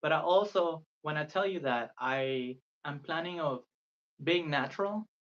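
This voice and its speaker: A Spanish tutor gives a beginner language lesson on a live stream, his voice fairly high, slightly bright, and measured in pace. Patient and earnest, he repeats phrases so viewers can copy them. The recording has a dull lo-fi quality.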